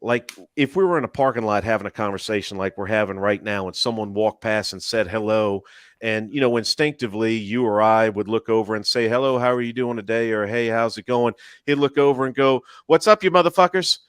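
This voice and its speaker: A man's voice: fairly low pitch, fairly quick, smooth, no echo. A man co-hosting a live panel chat, telling stories in a dry, rambling way and laughing between lines. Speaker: YouTuber and live panel co-host. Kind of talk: casual chat.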